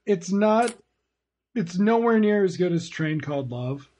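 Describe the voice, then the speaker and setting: A man's voice: high voice, expressive, a little slow, mellow. A man co-hosting a casual comics podcast, laid-back and hesitant, often trailing off. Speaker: podcast co-host. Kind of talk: casual chat about comics.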